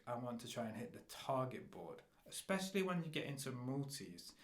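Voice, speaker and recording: A man's voice: mid-range voice, a bit bright. A man teaching rap who talks through rhyme ideas and then drops into short rapped example lines. His voice sits in a middle register. The room gives the voice a noticeable echo. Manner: explains, then raps short example bars. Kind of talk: instructional talk with rapped examples. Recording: roomy echo.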